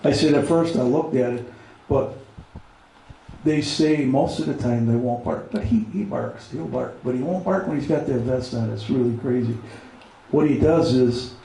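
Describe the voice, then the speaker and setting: A man's voice: medium pitch, creaky, mellow, a little hiss or hum. A man from Pennsylvania, a veteran, telling rambling stories in casual talk and stopping to give his service dog commands. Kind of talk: casual spoken storytelling. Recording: very echoey room, mic far off, faint ambience.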